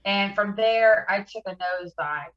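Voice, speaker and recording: A woman, a podcast guest, recounting her past addiction in a halting, emotional way, fighting back tears. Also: mid-range voice, echoey room, highs cut off. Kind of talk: personal recovery story in an interview.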